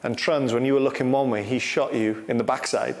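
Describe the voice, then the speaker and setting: A man, a former footballer interviewing his old manager, asking friendly questions and telling relaxed, laughing anecdotes. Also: mid-range voice, brisk, big-room sound. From North Wales.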